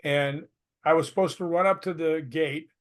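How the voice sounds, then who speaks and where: An older man, a retired stuntman, appears as a guest in a relaxed interview, speaking at a normal speed in a voice a little high for a man. He tells stories with animation, laughs easily, and acts out what everyone said.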